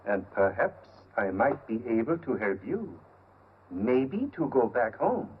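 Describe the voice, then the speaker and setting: An actor playing an ingratiating shopkeeper who coaxes a young woman with soft, smooth talk, in 1930s film acting. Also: mid-range voice, sing-song, measured pace. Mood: coaxing. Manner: coaxing, smooth-talking. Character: ingratiating male shopkeeper with a French shop name. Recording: tinny 1930s film soundtrack with hiss.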